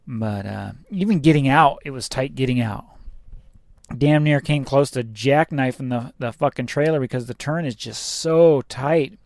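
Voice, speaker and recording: A man's voice: medium pitch, moderate pace, darkish tone, no room sound, studio quality. A man who drives a truck, telling a rambling, casual story about his workday, with fillers and some swearing.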